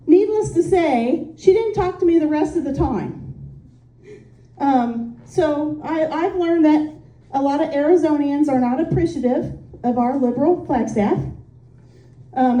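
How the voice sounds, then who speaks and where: A woman's voice: high voice, mellow. A woman from Indiana doing stand-up, telling stories in a chatty, self-deprecating way with lots of "um"s. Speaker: stand-up comic. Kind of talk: stand-up comedy set. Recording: echoey room, voice from a distance.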